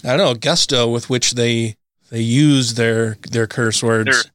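Smooth-voiced profane man chatting. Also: mid-range voice, fairly even intonation, slow, a bit bright, no room sound, studio quality. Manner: profane, laughs often, candid. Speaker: podcast co-host. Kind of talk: casual podcast chat.

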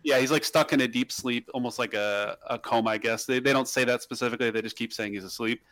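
A man talking quickly on a podcast, his words tumbling out in a rapid, loose ramble full of restarts. The sound is close and dry, with no room echo at all. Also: mid-range voice, steady tone, a bit bright. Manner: rambling, with many restarts and fillers. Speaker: podcast host. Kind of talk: casual podcast chat.

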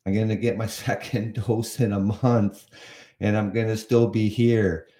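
His delivery is flat and unhurried, the voice fairly low with a warm tone. A Canadian man in his fifties, he hosts a casual live podcast, rambling with restarts while often chuckling and sounding exasperated.

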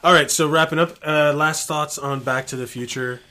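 A man's voice: fairly high pitch, fairly even intonation, normal speed, pushed and bright. A man co-hosting a casual podcast chat, laid-back, often laughing and swearing. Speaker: podcast co-host.

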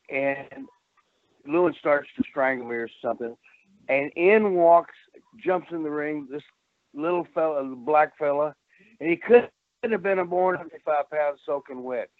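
A man's voice: a little high, dry recording. An older man, once a pro wrestler, calls in over a thin, phone-like line. He rambles from story to story in a salty way and laughs at his own tales. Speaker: former pro wrestler, guest. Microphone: telephone.

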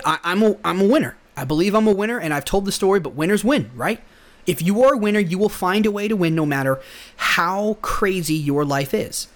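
A young man hosting a podcast, talking through a casual motivational monologue in an earnest, rambling way with many restarts. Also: a little high. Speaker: podcast host.

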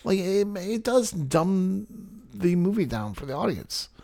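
Male podcast co-host, gravelly voice, wry film opinions. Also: high voice, very animated, a little slow, warm tone. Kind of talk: casual movie review chat.

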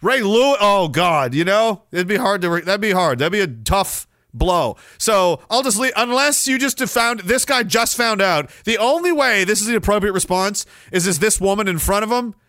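A man's voice: high-pitched, lively intonation, moderate pace, few pauses, pushed and bright, no echo, clean studio sound. A man hosting a podcast, ranting in a sneering, mocking way. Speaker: podcast host. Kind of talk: ranting commentary.

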